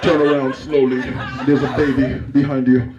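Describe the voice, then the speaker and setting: A sinister creature voice issues slow, low commands, as a male comedian puts it on. It rumbles deeper than a normal speaking voice and echoes through a distant, roomy club full of laughter. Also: little pitch movement, highs cut off, a crowd in the background, close to an everyday voice. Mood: menacing. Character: menacing growling womb, like a movie monster. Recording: roomy club, far from mic, audience laughing.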